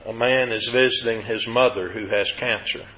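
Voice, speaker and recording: A man preaching a sermon, earnest and explanatory, rising in pitch as he quotes scripture. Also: steady tone, moderate pace, pushed and bright, echoey room, lo-fi sound, a little hiss or hum.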